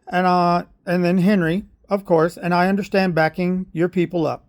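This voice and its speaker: Earnest, halting middle-aged man. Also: high-pitched, steady tone, darkish tone, smooth. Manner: earnest, halting, with many fillers; aggrieved, heats up when recounting. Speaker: parent making a complaint. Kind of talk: personal video statement.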